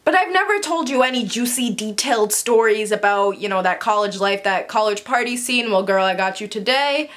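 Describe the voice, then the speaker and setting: A woman's voice: a little high, a bit bright. A woman in her twenties telling a dramatic party story in a casual vlog, acting out the quotes. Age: 20s. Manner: chatty and dramatic, acts out quotes. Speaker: vlogger.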